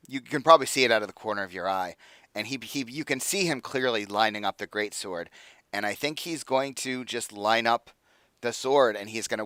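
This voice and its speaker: A man's voice: lowish voice, sharp tone, smooth, no echo. A man narrating as dungeon master of a tabletop game, talking loosely with many fillers.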